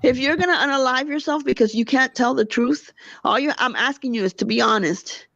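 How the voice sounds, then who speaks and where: A woman's voice: high voice, fairly quick, vocal fry, a bit bright, dry recording, muffled recording. Heated, gossipy woman livestreamer. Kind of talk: casual livestream chat.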